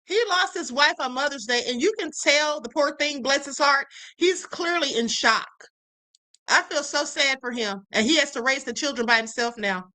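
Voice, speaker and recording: A woman's voice: high voice, normal speed, sharp tone. A middle-aged woman hosting a livestream in casual chat, blunt and swearing freely, with frequent laughs. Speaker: livestream host.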